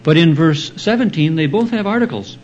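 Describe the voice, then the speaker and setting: A man preaching an expository sermon, explaining Bible verses in a slow, deliberate teaching manner. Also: a little high, animated, darkish tone, muffled recording, soft background music. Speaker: pastor.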